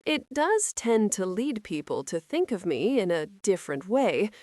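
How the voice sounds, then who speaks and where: A woman voicing a charming, easygoing male nobleman who talks in a slow drawl, in an audiobook. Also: mid-range voice, sing-song, darkish tone, dry recording. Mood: amused.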